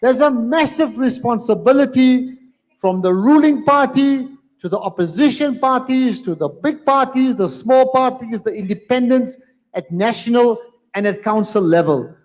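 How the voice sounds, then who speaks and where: A man's voice: very high voice, animated, normal speed. A man moderating a live debate, talking emphatically and repeating phrases to hold the room. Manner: emphatic, repeats phrases, firm but apologetic. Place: community centre hall, live event. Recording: long hall reverb.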